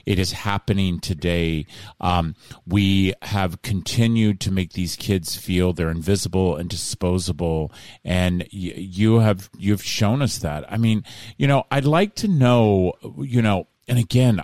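A middle-aged man hosts a podcast in a very low voice. He speaks emphatically and often talks straight to the listeners. The sound is dry and close, with no room echo. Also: darkish tone. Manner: emphatic, addresses listeners directly. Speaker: podcast host. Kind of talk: conversational interview.

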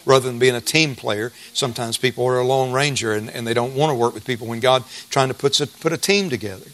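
A man's voice: mid-range voice, fast talker, fairly bright tone. A middle-aged male pastor preaching a sermon in a folksy, emphatic way, repeating key phrases.

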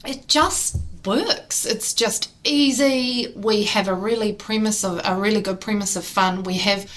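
A woman's voice: medium pitch, measured pace, rough recording. A woman with a New Zealand accent, a recruitment business co-owner speaking earnestly in a casual interview. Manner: earnest, chiming in over her partner.

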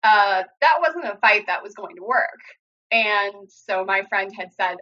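A woman's voice: mid-range voice, normal speed, bright, forceful tone. A young woman earnestly telling a personal story in a casual way, with many "like" fillers. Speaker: guest sharing her story. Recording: dull lo-fi audio.

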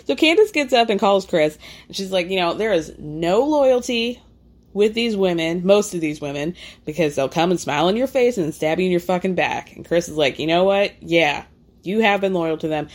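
A woman casually recapping reality TV drama, acting out the quotes and swearing freely. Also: lowish voice.

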